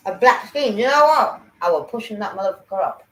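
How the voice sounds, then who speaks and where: A woman telling a story in casual chat, animated and profane, acting out what people said. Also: mid-range voice, brisk. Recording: echoey room.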